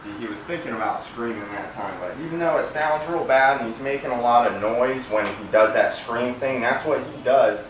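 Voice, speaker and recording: A man dog trainer explaining calmly to viewers while working a dog, breaking off into sharp high praise calls. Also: a little fast, few pauses, background noise. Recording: roomy distant camera audio with music.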